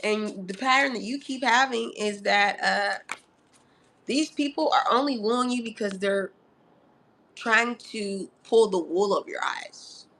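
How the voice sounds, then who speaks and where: A woman's voice: mid-range voice, a little slow, slight background noise. Sassy woman giving a tarot reading. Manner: sassy, animated, calls the audience honey and darling; laughs often between remarks. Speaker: tarot reader. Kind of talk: live astrology tarot reading.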